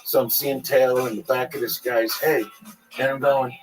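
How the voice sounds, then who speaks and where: A man's voice: mid-range voice, flat delivery, moderate pace, over music, low-quality recording. A man telling rambling, profane stories in a casual interview, acting out other people's voices. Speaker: interview guest. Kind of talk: casual storytelling. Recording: crowd chatter behind.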